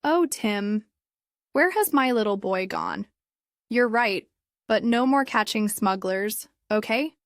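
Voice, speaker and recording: A woman reading the lines of a worried, protective single mother in a storybook, speaking slowly and earnestly. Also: medium pitch, lively intonation, no echo, clean studio sound. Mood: tender.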